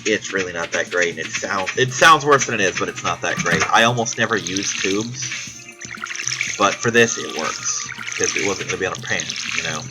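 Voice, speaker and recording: A man's voice: deep voice, lively intonation, moderate pace, low-quality recording. Guy vlogging about his week, swears a lot, chatty and rambly, music going behind him. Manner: profane, chatty, self-deprecating. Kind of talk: casual rambling storytelling.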